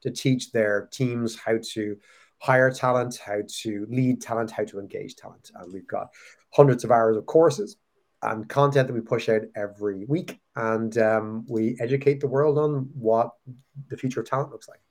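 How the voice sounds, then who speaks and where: A middle-aged Irish man talking as a podcast guest, chatty and joking with quick asides. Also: mid-range voice, darkish tone. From Ireland. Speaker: guest, company founder. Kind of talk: casual podcast conversation.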